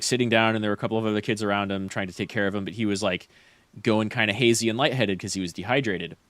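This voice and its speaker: A man's voice: lowish voice, dry recording. A young man streaming a game and chatting casually, rambling with lots of fillers and restarts.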